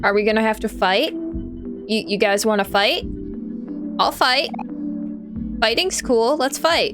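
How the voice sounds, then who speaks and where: A woman's voice: on the high side, slow pace, long pauses, music in the background. A young woman streaming a game, making goofy, self-amused asides as she plays. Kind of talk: let's-play commentary.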